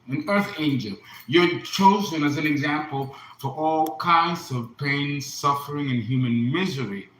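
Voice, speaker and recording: Impassioned man in his fifties, lively pitch. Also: roomy sound, low-quality recording. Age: 50s. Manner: earnest, impassioned, repeats himself. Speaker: astrologer and occult teacher. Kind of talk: emotional personal monologue.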